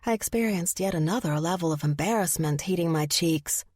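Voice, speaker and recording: Woman, audiobook narrator, lowish voice, dry close mic. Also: a little fast, darkish tone, dry recording. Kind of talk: first-person audiobook narration.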